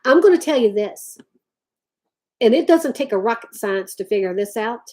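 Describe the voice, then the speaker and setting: A woman delivers a heated rant straight to her viewers. Her voice sits a little high, and she leans hard on her words, often drawling "y'all.". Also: lively intonation, moderate pace, darkish tone. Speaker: vlogger talking to live chat.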